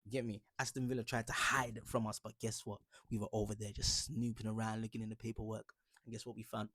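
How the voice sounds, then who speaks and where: A man's voice: on the low side, little pitch movement, fast, a bit bright, dry recording, clean studio sound, voice pushed down. A man mocking a smug gloating pundit. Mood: sly teasing. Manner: teasing, sly, sinks into a whisper. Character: smug male pundit gloating over a discovery.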